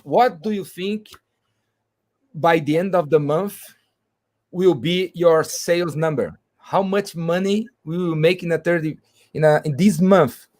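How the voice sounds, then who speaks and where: A man explains a business topic, stopping and restarting his phrases often. His voice sits a little high for a man. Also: a little mellow. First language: Portuguese. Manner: halting, with frequent restarts and fillers. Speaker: guest speaker. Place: video call.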